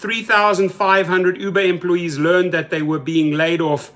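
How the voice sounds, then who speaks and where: A man's voice: high-pitched, little pitch movement, a little slow, fairly bright tone. Indignant man hosting a live stream. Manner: indignant, reads viewer comments aloud; heated, mocking. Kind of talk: casual live stream commentary.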